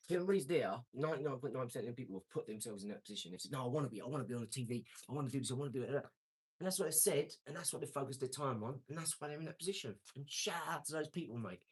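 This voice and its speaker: A man's voice: medium pitch, breathy edge. Brash man in his forties. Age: 40s. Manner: brash, boastful, street-talking. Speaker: livestream host. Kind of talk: casual live-stream chat answering comments.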